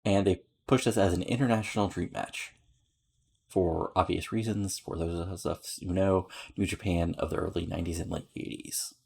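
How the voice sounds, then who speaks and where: A man's voice: low-pitched, fairly even intonation, normal speed, vocal fry, darkish tone, husky. A man casually narrating a wrestling booking game, rambling with lots of fillers as he reads out match results and ratings. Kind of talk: casual let's-play narration.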